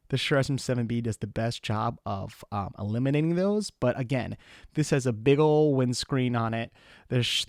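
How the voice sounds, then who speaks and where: A man's voice: medium pitch, dry recording. A man hosting a casual microphone review, chatting directly to viewers while talking right into a close studio microphone. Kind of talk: casual product review talk.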